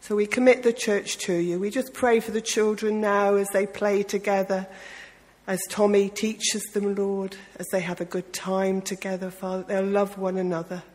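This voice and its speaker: A man's voice: sits high, flat delivery, normal speed, a little mellow. A man leading a spoken prayer in church, punctuating his phrases with "Lord" and "Father.". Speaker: prayer leader. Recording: long reverb of a church hall.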